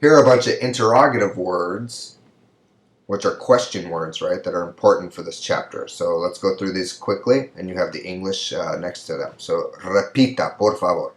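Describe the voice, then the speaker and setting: A man teaching Spanish grammar in a recorded video lecture, speaking slowly and carefully and drawing out example sentences. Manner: slow and careful, drawing out example sentences to show rising pitch. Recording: echoey room.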